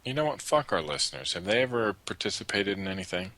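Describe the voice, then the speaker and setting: A man co-hosting a casual podcast, teasing in a deadpan way and swearing freely. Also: fairly low pitch, fast talker. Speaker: podcast co-host. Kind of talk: casual banter.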